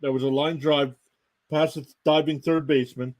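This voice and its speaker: A man's voice: on the high side, little pitch movement, normal speed, a little mellow. A young man hosting a live stream, calling baseball play-by-play, reading out scores and thanking viewers. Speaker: live stream sports commentator. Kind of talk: live play-by-play reaction commentary.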